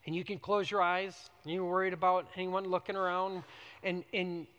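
A man preaching from the pulpit, his voice pitched high and carrying a long reverb through the church hall. He moves between bright, loud emphasis and soft, hushed prayerful passages. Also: little pitch movement, normal speed, clear, resonant tone, highs cut off. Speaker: pastor. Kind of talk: sermon.

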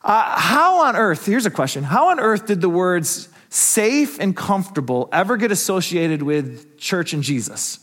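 A man's voice: high-pitched, sing-song, a little slow, few pauses, a bit bright. A man preaching a sermon to his congregation, earnest and conversational, asking rhetorical questions. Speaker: pastor.

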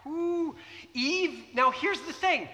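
A man preaching a sermon in an animated, conversational way, often asking the audience questions. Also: very high-pitched, slow, slight background noise. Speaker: pastor. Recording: reverberant hall.

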